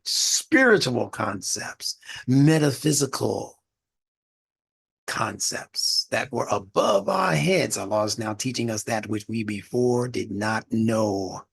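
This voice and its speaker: A man's voice: medium pitch, vocal fry, fairly bright tone, husky. A man teaching a religious studies class in a lecture, explaining word meanings and asking the class rhetorical questions.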